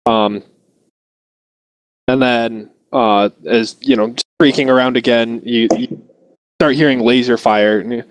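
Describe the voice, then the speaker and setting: A man's voice: mid-range voice, steady tone, measured pace, pauses often, a little hiss or hum, low-quality recording. A man acting as game master, describing scenes cinematically in a loose, hesitant way with frequent restarts. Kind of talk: narrating a tabletop game.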